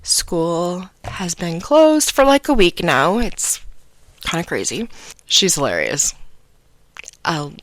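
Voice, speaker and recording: Slow-talking, lively woman podcast host. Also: fairly low pitch, dry recording. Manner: animated, laughing storyteller. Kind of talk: casual podcast storytelling.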